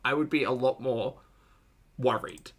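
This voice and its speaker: A woman's voice: rumbling low, a little slow, breathy edge. A woman giving dry, sarcastic live-stream commentary while reacting to a clip and talking to her chat.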